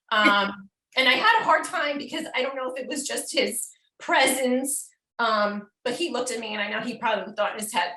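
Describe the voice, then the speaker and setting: A middle-aged woman with a bright, clear voice tells her story as a breast cancer survivor. She speaks earnestly and reflectively, often pausing with "um". The room gives her voice a noticeable echo. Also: on the high side. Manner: earnest, reflective, frequent ums. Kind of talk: heartfelt personal account.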